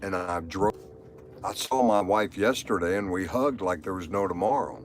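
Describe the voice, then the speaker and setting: A man's voice: sits low, moderate pace, a little hiss or hum. Rambling man on a live stream. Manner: rambling, repetitive, emotional. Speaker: livestreamer. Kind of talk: live stream monologue, reading chat.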